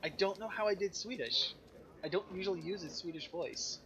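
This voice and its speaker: A man's voice: high-pitched, expressive, fairly quick, dull audio, a crowd in the background. A man reading game dialogue aloud and joking around while he plays. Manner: playful, jokey, does character voices. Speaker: gaming co-host. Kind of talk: casual let's play, reading dialogue aloud.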